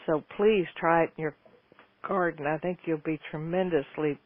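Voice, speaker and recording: Folksy guy rambling through garden tips, kinda high voice, sounds like a tinny phone line. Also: steady tone, measured pace, dry recording. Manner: folksy, rambling, with frequent restarts. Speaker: host answering listener questions. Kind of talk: casual gardening advice talk.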